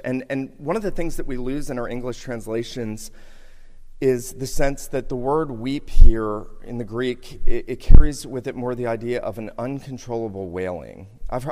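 A man preaching a sermon, moving between loud emphatic lines and hushed, slowed passages. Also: fairly low pitch. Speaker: pastor. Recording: hall reverb, sermon in a church.

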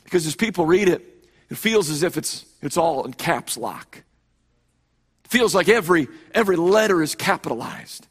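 A man's voice: on the high side, expressive, normal speed, breathy edge. A male pastor preaching a sermon with emphatic delivery, often repeating and restarting phrases.

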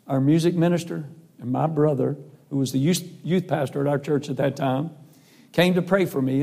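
A middle-aged man preaching a sermon with a hoarse voice, telling a personal story in a folksy way and acting out the voices of people in it. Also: fairly high pitch, darkish tone. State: hoarse from a vocal cord nodule. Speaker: preacher and singer.

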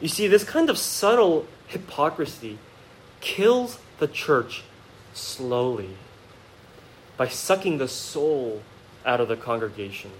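Animated, impassioned male pastor preaching. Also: mid-range voice, slow pace, a little hiss or hum, rough recording. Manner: impassioned, swings between quiet reflective asides and emphatic outbursts; conversational, speaks directly to the congregation with rhetorical questions. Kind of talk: sermon. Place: church sanctuary.

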